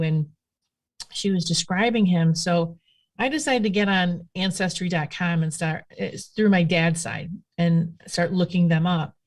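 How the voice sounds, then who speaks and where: Her voice fairly low and her pace measured, a woman guest who practices witchcraft tells stories in an easygoing conversation. She is talkative and rambling, animated as she goes, with frequent fillers.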